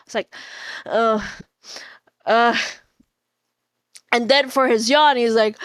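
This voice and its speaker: Brief: woman streamer, teasing and profane, a bit high and smooth, dry close sound. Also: animated, slow pace, pauses often, no room sound. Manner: teasing, swears casually, laughs often. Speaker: livestream host. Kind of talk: casual chat stream.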